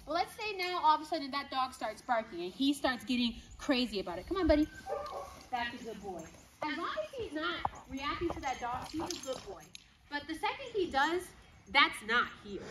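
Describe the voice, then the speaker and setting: A woman with a high voice coaching her dog and talking viewers through each step in a firm, brisk way. She keeps checking in with short tag questions. A faint hiss of outdoor noise sits underneath. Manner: talks to viewers while praising and commanding her dog. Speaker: dog trainer. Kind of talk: outdoor training demonstration.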